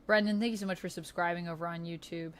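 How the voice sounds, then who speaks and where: A woman's voice: fairly low pitch, fairly even intonation, fast talker. A woman streamer chatting casually during a live stream, thinking aloud while she fixes her setup. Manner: chatty, laughs often, thinks aloud while fixing tech.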